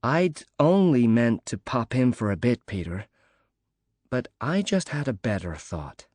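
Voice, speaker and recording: A man's voice: mid-range voice, sing-song, a little slow, darkish tone, no echo. Man voicing a cheery young American woman. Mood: cheery, earnest.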